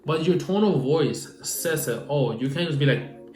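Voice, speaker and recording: A young man coaching on social media marketing in a casual advice vlog, animated and repetitive, acting out phone calls. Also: a little high, moderate pace, few pauses, roomy sound, faint music behind. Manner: animated, repeats himself, acts out phone calls.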